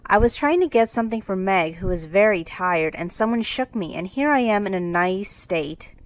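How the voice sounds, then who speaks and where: A woman voicing a clumsy, lively teenage girl with an eager, impulsive way of talking, in a storybook reading. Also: mid-range voice, normal speed, close to an everyday voice, low-quality recording.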